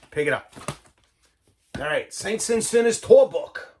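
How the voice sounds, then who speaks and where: A man's voice: on the high side, sing-song, unhurried, long pauses, a little mellow, a little hiss or hum. A man, casually talking viewers through his record collection, enthusiastic and loose, saying "man" and "all right" a lot. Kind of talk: casual show-and-tell vlog.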